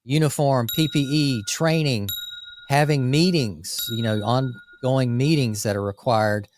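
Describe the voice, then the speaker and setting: A man with a medium-pitched voice co-hosts a casual business podcast, energetically working through lists and throwing in quick asides about running a landscape company. There's a little hiss or hum in the recording.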